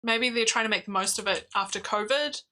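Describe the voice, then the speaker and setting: A woman with a New Zealand accent, chatting on a stream and telling animated stories. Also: medium pitch, brisk. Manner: animated storytelling, laughs easily. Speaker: stream co-host. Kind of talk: casual chat.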